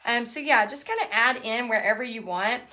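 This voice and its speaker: Chatty woman, higher voice. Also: fairly quick, bright, forceful tone, a little hiss or hum. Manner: chatty, frequent "like" and "um". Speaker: paint party instructor. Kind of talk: live workshop teaching and motivational talk.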